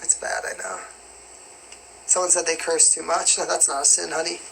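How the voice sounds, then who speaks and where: A young man from New York with a light New York accent and a bright, forceful voice. He hosts a casual live question-and-answer stream. He rambles chattily, filling his talk with "you know what I mean", over a faint hiss of noise. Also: a little high, flat delivery, moderate pace, gravelly, poor audio. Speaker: livestream host answering viewer questions.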